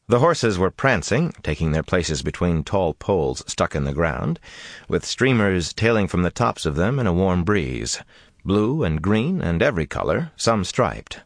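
A man narrating a fantasy audiobook with expressive, dramatic delivery. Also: deep voice, unhurried, no room sound, clean studio sound.

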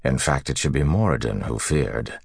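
Very deep, gravelly male narrator. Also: lively intonation, normal speed, dry recording, studio quality. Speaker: audiobook narrator. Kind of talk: scripted fantasy narration.

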